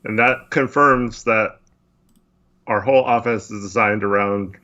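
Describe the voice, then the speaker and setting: A man's voice: lowish voice, steady tone, a little slow, pushed and bright, highs cut off. A man co-hosting a casual sports podcast, rambling and frustrated with lots of fillers. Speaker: podcast co-host.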